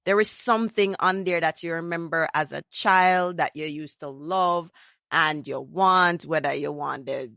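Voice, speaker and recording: A woman's voice: low-pitched, a little slow, creaky, dry recording, studio quality. A woman with a Jamaican accent hosting a casual interview podcast, telling stories and slipping into patois. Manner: lively storyteller slipping into patois. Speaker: podcast host.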